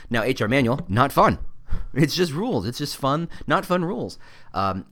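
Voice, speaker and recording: A man's voice: fairly low pitch, a bit bright. A man hosting a podcast, talking through an opinionated casual monologue with plenty of fillers and restarts. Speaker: podcast host.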